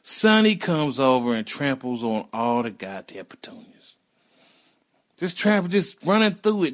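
A man's voice: on the high side, sing-song, moderate pace. A middle-aged man telling a personal story in a loose, profane, rambling way, acting out sounds as he goes. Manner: acts out sounds and voices animatedly.

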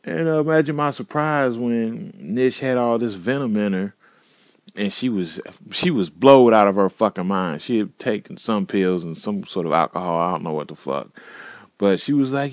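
A man's voice: lowish voice, moderate pace, no echo. Man, casual profane storytelling, dull lo-fi sound, dry. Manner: laid-back, profane, digressive, with frequent fillers.

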